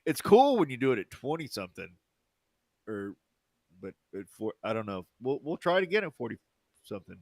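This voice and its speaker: A man's voice: mid-range voice, sing-song, a little fast, pauses often, a little mellow, no room sound. A man co-hosting a podcast, telling rambling stories in casual chat, full of fillers and laughter. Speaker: podcast co-host.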